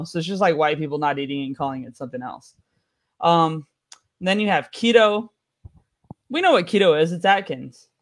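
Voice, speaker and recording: An American man performing a stand-up comedy set with a wry, offhand delivery. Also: a little high. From United States.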